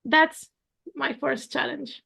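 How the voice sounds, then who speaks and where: A woman's voice: high voice, slow, creaky, bright, forceful tone. A woman in her thirties from Romania, talking earnestly about her work as a coach, now and then laughing lightly. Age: 30s. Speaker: coaching guest, architect and coach. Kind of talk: casual conversation.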